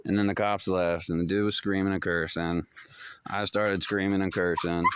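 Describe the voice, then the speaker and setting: A man's voice: sits low, little pitch movement, moderate pace, very noisy. A man casually telling a story to the camera, rambling and repeating himself in loose, slangy talk. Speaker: vlogger. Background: dogs barking and distant fireworks.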